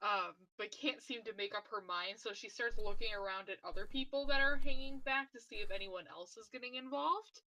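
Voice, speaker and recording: A woman's voice: on the high side, a little fast, hardly any pauses, sharp tone, low-quality recording. A woman describing her character in a tabletop game, chatty and descriptive. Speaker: player.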